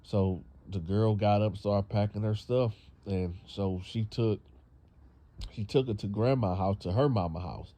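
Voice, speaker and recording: A man's voice: on the low side, a little slow, dark tone. A man casually retelling a true story, rambling with fillers and restarts.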